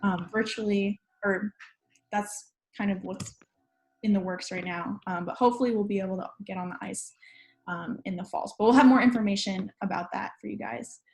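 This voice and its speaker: A woman's voice: mid-range voice, fairly even intonation, moderate pace. A woman in her twenties, the club president, hosting a casual online info session in a friendly way with frequent ums. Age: 20s.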